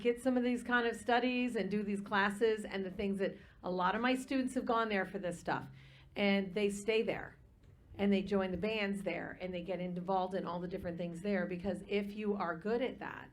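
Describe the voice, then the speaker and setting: A woman voice teacher judging a live singing competition, giving measured, practical technical advice. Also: medium pitch, a little hiss or hum. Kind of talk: live judge's critique. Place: live performance venue.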